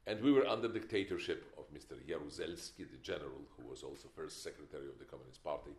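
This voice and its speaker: This older man's rumbling low, darkish voice moves fast as he gives a film masterclass lecture. Opinionated and emphatic, he tells wry stories. The recording is from an echoey lecture hall.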